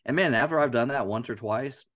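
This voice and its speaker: A man co-hosting a podcast, talking about scripture in an earnest, animated way and repeating phrases aloud to show a point. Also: mid-range voice, brisk. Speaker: podcast co-host. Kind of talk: casual Bible discussion.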